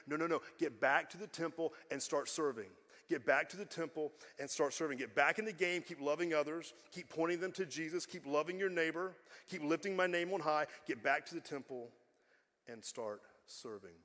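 A man's voice: fairly high pitch, normal speed. Emphatic preaching man in a reverberant hall. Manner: emphatic, repetitive preaching, swings from loud to hushed. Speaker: pastor. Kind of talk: sermon. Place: church sanctuary.

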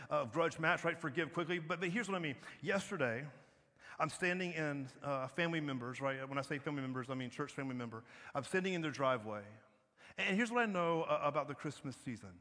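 A man's voice: a little high, a bit bright. A male pastor, preaching a sermon emphatically, repeating phrases and asking "right?". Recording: long reverb, faint music behind.

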